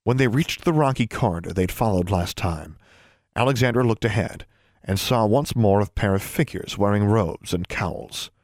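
Male audiobook narrator, lower voice, measured storytelling. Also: dry recording, studio quality.

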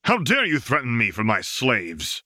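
A man voicing an enraged slave master who yells and screams in fury. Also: mid-range voice, wildly swooping pitch, normal speed, no room sound, studio quality, voice pushed up, heavily acted. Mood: outraged. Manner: yelling, screaming with spite. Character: enraged tyrant slave master, male, furious.

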